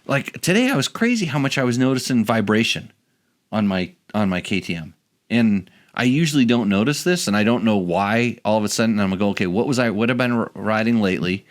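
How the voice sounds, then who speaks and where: Guy hosting a chill podcast, lowish voice, kinda rambly, keeps restarting. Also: expressive, fast. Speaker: podcast host. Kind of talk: casual podcast chat.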